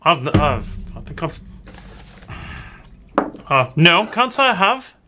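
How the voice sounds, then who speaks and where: A man voicing a cheerful, chatty dockside woman in a high, sing-song voice during a tabletop game. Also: big pitch swings, slow pace, over a noisy crowd.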